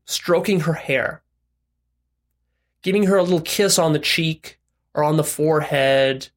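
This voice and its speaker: A man's voice: fairly high pitch, unhurried. A man giving frank, direct relationship and sex advice in a casual monologue, explaining step by step with "right?" asides.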